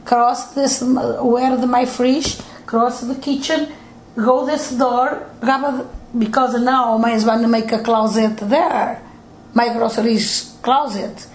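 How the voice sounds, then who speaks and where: A woman's voice: on the high side, takes it slowly, a little hiss or hum, rough recording. An older woman with a Portuguese accent, telling her family history in broken English during an interview at home. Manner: broken English, animated storytelling with acted quotes.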